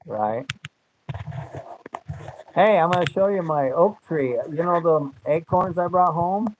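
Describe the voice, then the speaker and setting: A man's voice: fairly high pitch, takes it slowly. An older man, chatting in a rambling, folksy way as host of a homesteading channel. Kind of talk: casual chat. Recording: dull lo-fi sound, faint noise.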